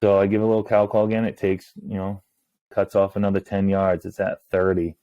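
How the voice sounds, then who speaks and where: A man, a hunting guide, telling a story in casual talk, acting out the lines of others in a hushed voice. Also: low-pitched, a little fast, dry recording, narrow, tinny audio. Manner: animated, acts out quoted lines in a hushed voice.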